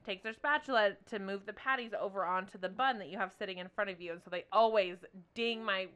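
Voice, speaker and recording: A woman's voice: medium pitch, fast talker, clear, resonant tone. A woman in her thirties from Idaho, chatting casually as a podcast co-host and acting out quoted lines as she tells stories. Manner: animated storyteller, acts out quotes. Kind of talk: casual chat.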